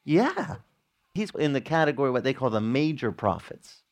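A man's voice: sing-song, moderate pace. A man preaching a sermon in a casual, conversational way, acting out short dialogues. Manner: conversational, acts out little dialogues with jumps in pitch.

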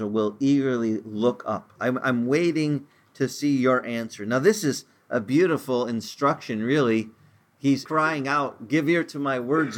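A male pastor preaching a sermon in a mid-pitched voice. He talks to the congregation in a conversational way, often repeating words, and his voice climbs when he gets stirred up. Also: fairly bright tone.

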